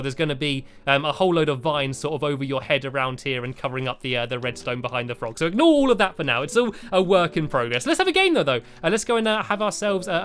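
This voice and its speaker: A man giving let's-play gameplay commentary, hesitant with many "uh" fillers and turning excitable and cheering as the game runs. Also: on the high side, clean tone. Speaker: game channel host.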